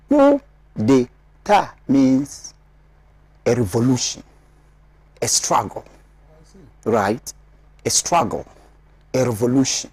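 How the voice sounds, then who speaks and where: A man's voice: medium pitch, darkish tone, slightly rough, dry recording. A man from Ghana, a studio panelist, lecturing in an emphatic, explaining manner with many repetitions. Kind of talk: studio discussion analysis.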